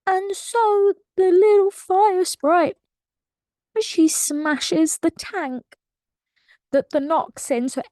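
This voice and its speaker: A woman recapping a book in a casual, animated way, laughing often as she retells it. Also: very high-pitched, very slow, no room sound. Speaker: book reviewer.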